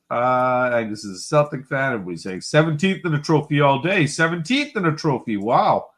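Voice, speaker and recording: A man's voice: medium pitch, lively intonation, brisk, hardly any pauses, fairly bright tone. Chatty man hosting a live stream. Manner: reads out viewer comments and banters. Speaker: host. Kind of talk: casual live-stream chat.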